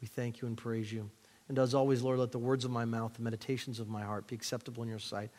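A man's voice: mid-range voice, little pitch movement, fast, darkish tone. A man preaching as a pastor, reading scripture with plain-spoken, jokey asides and leading a prayer. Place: church sanctuary. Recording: reverberant hall.

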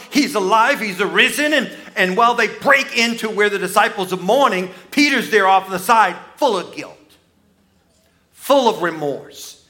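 Forceful, dramatic preaching man. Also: high voice. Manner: dramatic storytelling, swinging between loud outbursts and hushed asides; acts out quoted voices. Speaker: pastor. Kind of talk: Easter sermon.

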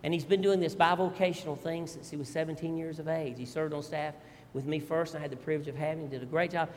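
A middle-aged male pastor, telling family stories in an animated, folksy sermon with asides to the congregation. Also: fairly high pitch, fast talker, long reverb tail, slight background noise. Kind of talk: storytelling sermon.

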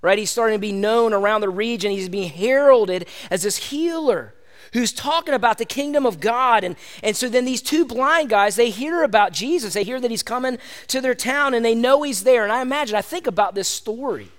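High-voiced animated preacher man. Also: a little fast. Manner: conversational and animated, addresses listeners as "gang". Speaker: pastor. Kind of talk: sermon.

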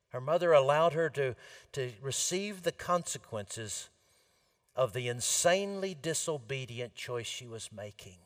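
A man preaches earnestly, building up to emphatic repeated lines before dropping soft and low.

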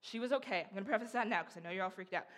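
A woman's voice: mid-range voice, very fast, fairly bright tone. A young woman giving a casual, chatty sermon, acting out voices as she tells stories. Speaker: preacher.

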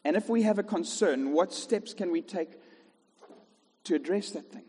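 A man's voice: on the high side, normal speed, dark tone, husky, big-room sound. A man preaching a sermon in a rhythmic style, with repeated contrasts and jokey asides. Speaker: pastor. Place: church.

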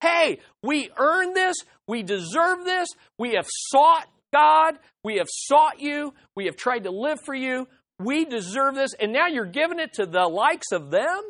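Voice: sits high, sing-song, measured pace, a bit bright, pitched above the performer's own voice, exaggerated voice. A preacher voicing a resentful, self-righteous crowd with indignant, complaining lines during a sermon.

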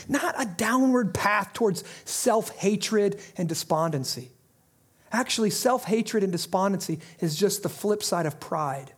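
A middle-aged man preaching a sermon as a pastor, swinging between impassioned calls and quiet, intense asides. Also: high-pitched.

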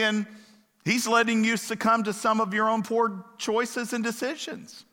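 A man's voice: high-pitched, steady tone, normal speed, bright, forceful tone. A man preaching a sermon in a conversational way, asking his listeners questions and wandering into digressions. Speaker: pastor. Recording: long hall reverb.

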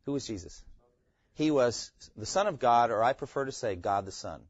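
A man's voice: medium pitch, animated, moderate pace, slightly rough, dry recording, muffled recording. A man teaching a Bible class, quizzing his students and repeating key phrases.

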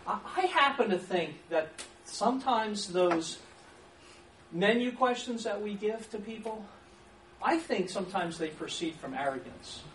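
A man's voice: high-pitched, measured pace. Man lecturing in an echoey hall. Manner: animated, acts out sample questions, chuckles. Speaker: teacher of biblical counseling. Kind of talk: church training lecture. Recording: echoey room from far off, faint hiss.

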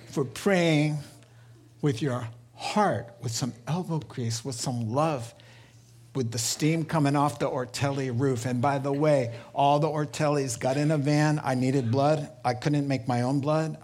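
A middle-aged man preaching a sermon as pastor, telling stories with lively voiced quotes and laughter. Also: mid-range voice, a little slow.

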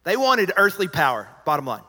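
A man preaching in a large church hall, his voice high and bright with a long reverb trailing each phrase. He talks to the congregation in a lively, conversational way, acting out what people said and sometimes dropping to a hush. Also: brisk. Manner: animated, conversational preaching with acted-out quotes and dropping to a hushed voice. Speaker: pastor. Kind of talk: sermon.

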